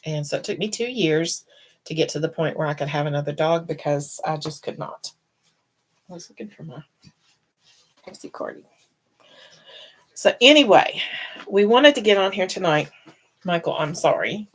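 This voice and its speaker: Hosting her own show on a live stream, a middle-aged woman speaks in a low, expressive, unhurried voice. Her casual talk wanders between thoughts, and she's emotional, fighting back tears.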